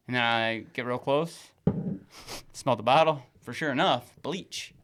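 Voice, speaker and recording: A man's voice: mid-range voice, moderate pace. A young man and podcast co-host, telling a story in casual chat, swearing freely and acting out other people's lines. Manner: animated storyteller, swears freely, acts out his father's rants.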